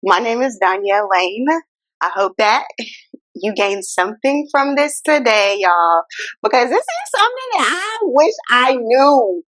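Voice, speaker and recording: Woman, self-help host, swooping higher voice, dry close sound. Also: unhurried, no room sound. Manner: animated, incredulous, talks straight to viewers as y'all. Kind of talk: casual self-help monologue.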